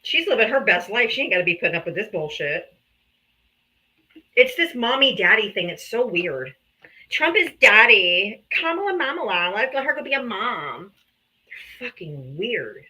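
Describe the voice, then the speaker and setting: A woman's voice: mid-range voice, big pitch swings, normal speed, sharp tone, poor audio. A woman hosting a live political debate stream, combative, sarcastic and heavy on profanity.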